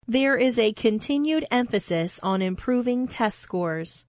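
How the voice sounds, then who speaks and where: A woman reading a vocabulary word, its definition and example sentences in an even, deliberate way, like a language-lesson recording. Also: medium pitch, no room sound, studio quality. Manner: slow, deliberate, evenly paced reading. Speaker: vocabulary teacher.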